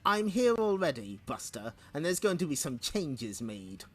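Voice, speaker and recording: A man's voice: fairly high pitch, very animated, a little slow. A man voicing a bossy, lovesick demon woman from hell, brash and domineering.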